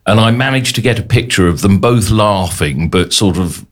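A man in his forties in a casual chat, speaking hesitantly and thoughtfully with many pauses. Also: fairly low pitch. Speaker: guest.

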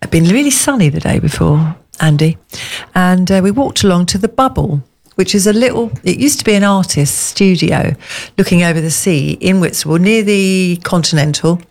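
A woman co-hosting a casual chat, telling rambling, animated anecdotes. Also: lowish voice, moderate pace. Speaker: co-host.

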